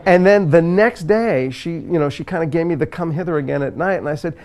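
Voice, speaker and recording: Gravelly man telling a funny story. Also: on the high side, brisk. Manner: animated storyteller, laughs mid-sentence. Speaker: celebrity game show contestant. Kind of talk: comic anecdote telling.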